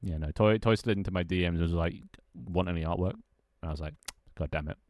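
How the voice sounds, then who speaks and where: A man's voice: sits low, fast, a little mellow, no echo, clean studio sound. A young man streaming live, chatting loosely with his viewers and friends, rambling and laughing as he goes. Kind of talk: casual live-stream chat.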